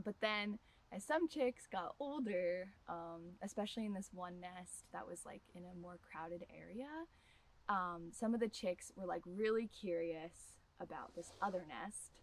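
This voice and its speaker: Soft-spoken gravelly young woman. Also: lowish voice, low-quality recording. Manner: soft-spoken, rambling, many likes and ums. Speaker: student researcher. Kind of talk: casual storytelling.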